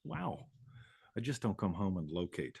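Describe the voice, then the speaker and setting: A man's voice: deep voice, very animated, measured pace, gravelly, dark tone, husky, no echo, clean studio sound. A man hosting a live show, talking casually in a rambling way, swearing and laughing often. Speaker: host.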